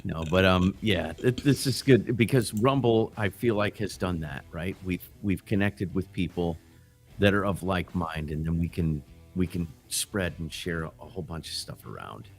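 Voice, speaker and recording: A deep-voiced man hosts a casual livestream chat, rambling, restarting sentences and dropping curses along the way. Faint music plays behind him. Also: normal speed, husky. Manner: rambling, loose and profane, restarts often. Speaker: livestream host. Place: backyard grill gazebo.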